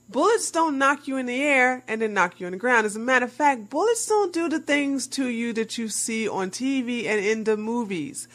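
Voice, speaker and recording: Slow, bright, sarcastic woman commentator. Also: on the high side. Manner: sarcastic, mocking, addresses viewers as y'all. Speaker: commentary vlogger. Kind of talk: scripted commentary.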